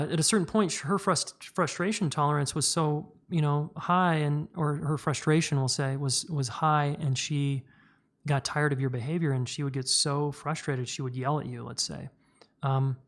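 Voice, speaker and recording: A middle-aged man hosting a podcast, answering listener questions in blunt, candid casual talk full of fillers and the occasional swear word. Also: medium pitch. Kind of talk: casual spoken advice.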